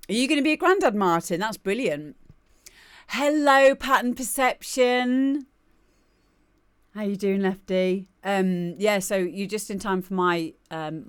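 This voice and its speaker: A woman's voice: on the low side, smooth, no room sound, studio quality. A woman in her thirties hosting a live stream, chatting casually and greeting viewers by name with laughs and rambling asides. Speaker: livestream host.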